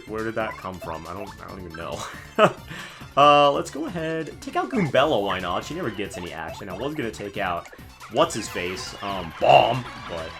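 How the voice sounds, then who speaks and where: A man in his twenties casually commenting on a live game stream, animated and joking with viewers. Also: lowish voice. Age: 20s. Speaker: let's play streamer.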